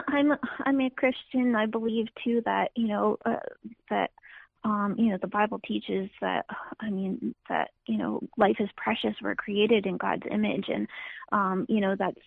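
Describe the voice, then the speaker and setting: Hesitant woman with a gravelly voice over a phone line. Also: medium pitch, dry recording. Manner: hesitant, many ums and restarts. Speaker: interview guest. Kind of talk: interview. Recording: tinny phone line, dry.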